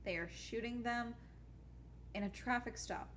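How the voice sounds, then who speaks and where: A woman's voice: on the high side, measured pace, a bit bright, a little hiss or hum. A young adult woman YouTuber chatting casually on a live stream while gaming, ranting bluntly and swearing often.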